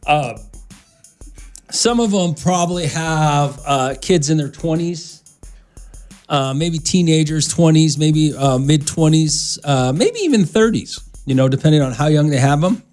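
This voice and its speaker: A man hosting a radio talk show, his voice a little high, blunt and dismissive as he lays out his opinions. He talks over a faint music bed. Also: darkish tone.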